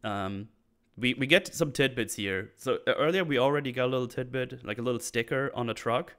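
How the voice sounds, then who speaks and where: A man's voice: medium pitch, brisk, fairly bright tone. A man hosting a casual episode recap, rambling with lots of restarts and fillers. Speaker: show recap host.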